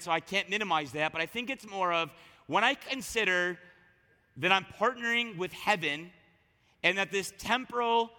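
Bright-voiced man preaching in a hall. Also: high voice. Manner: conversational and animated, with repeated restarts. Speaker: pastor. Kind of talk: sermon.

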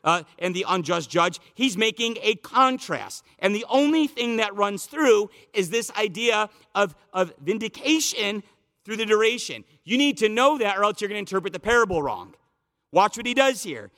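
A man's voice: high voice, lively intonation, moderate pace, fairly bright tone, in a large hall. A man preaching an expository sermon, explaining the text in a conversational teaching manner and building to emphatic repeated phrases. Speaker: pastor.

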